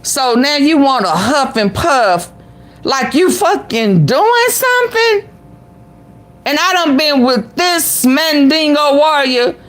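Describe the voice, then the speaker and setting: A woman's voice: high voice, animated, slow. A woman vlogger giving reaction commentary, sassy and exclamatory, talking back at the clip she plays.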